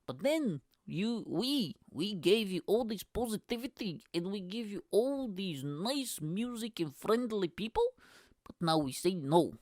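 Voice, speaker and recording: A man's voice: sits high, big pitch swings, measured pace, darkish tone, dry recording. A man voicing a boastful male spokesman in a put-on Russian accent, with a smug, sly, mock-formal manner. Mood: smug boasting.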